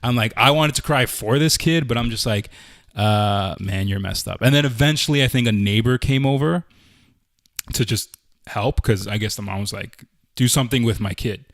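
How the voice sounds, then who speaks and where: A man's voice: medium pitch, moderate pace, no room sound. Podcast guy rambling through a story, lots of "like", dry close mic. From Canada. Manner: loose storytelling, lots of "like" and "I'm like". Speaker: podcast co-host. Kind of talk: casual podcast chat.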